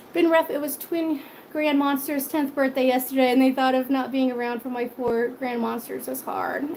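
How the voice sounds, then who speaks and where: A middle-aged woman hosts a cooking live stream in a high, bright-sounding voice. She chats casually, laughs often and answers viewers' comments as she goes. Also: slight background noise. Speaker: cooking channel host.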